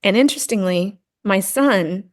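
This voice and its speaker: Speaking at a moderate pace in a mid-range voice, a middle-aged woman shares a personal story earnestly. She's a grief and Gestalt practitioner appearing as a podcast guest, and in this casual conversation she often checks in with "right?"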